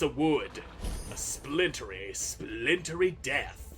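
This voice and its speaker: A man's voice: medium pitch, expressive, takes it slowly, sharp tone, soft background music. A man giving crude, sarcastic commentary while playing a video game, trash-talking the enemies he fights. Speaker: gaming channel host. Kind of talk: gameplay commentary.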